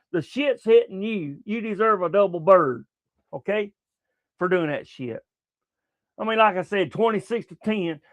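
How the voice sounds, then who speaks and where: Older guy, high voice, dry close sound, cussing sports talk host. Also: no echo. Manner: profane, repetitive, stumbling restarts. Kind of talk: casual rambling sports talk.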